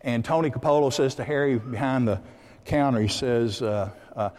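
A man preaching a sermon and telling a story in a lively way, acting out the voices of the people in it. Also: mid-range voice, normal speed, in a large hall.

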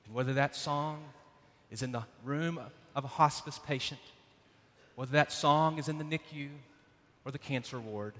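Bright-voiced man preaching in a big hall. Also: a little high, normal speed. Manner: dramatic retelling, loud bursts then hushed softness. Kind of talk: sermon storytelling. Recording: long hall reverb.

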